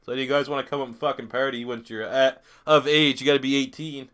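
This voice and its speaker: Quick and flat in delivery, a young man from Canada reads chat questions aloud during a live football video game stream, answering crudely, profanely, and bluntly. His medium-pitched voice is fairly bright, clear, and resonant.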